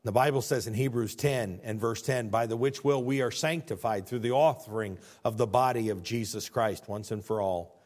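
A man preaching a sermon and reading scripture aloud, swinging between quiet low musing and loud, emphatic, high-pitched preaching. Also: normal speed, few pauses. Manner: reads scripture aloud in old-fashioned wording.

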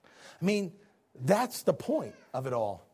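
A man preaching a sermon, swinging from booming shouts to low hushed tones. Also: sing-song, takes it slowly, husky.

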